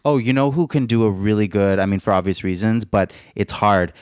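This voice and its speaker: A man's voice: on the low side, a little fast, darkish tone, smooth, no room sound, clean studio sound. Casual, chatty male podcast co-host. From United States. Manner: chatty, laughs often, lots of fillers. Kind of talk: casual chat.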